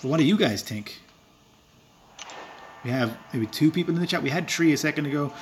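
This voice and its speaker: A man from Ireland with a rural Irish accent chats casually on a live stream while playing a game, rambling with filler words and chuckling at himself in a self-deprecating way. His voice is on the high side and fairly quick, with a little hiss or hum in the recording.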